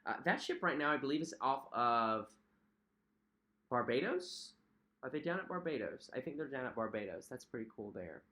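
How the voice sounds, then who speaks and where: A young man chats casually on a home livestream, reading out viewer comments and reacting in a friendly way. His voice sits in a middle pitch, and he leans on fillers and repeated phrases as he talks. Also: big pitch swings, moderate pace, pushed and bright. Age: young adult. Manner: chatty, friendly, repeats himself, frequent fillers. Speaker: cruise vlog host.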